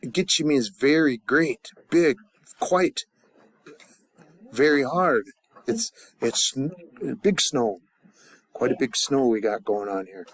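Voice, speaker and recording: A man teaching a casual grammar lesson, talking in halting starts and restarts with fillers and joking asides. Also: mid-range voice, lively intonation, dry recording. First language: English. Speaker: language teacher.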